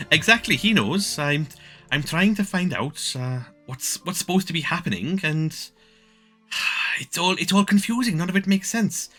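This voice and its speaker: Man putting on a dithering Welsh lady mayor, higher voice, bright tone, stammering. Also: expressive, measured pace, soft background music, full character voice. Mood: fretful. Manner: fretful, hesitant, stammering. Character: anxious, indecisive woman mayor.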